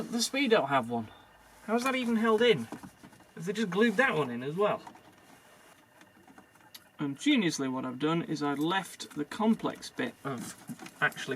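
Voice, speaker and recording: A man's voice: a little high, fairly bright tone, slight background noise. A man restoring a car, chatting and muttering to himself as he works, self-deprecating and casual. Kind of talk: casual narration while working on a car.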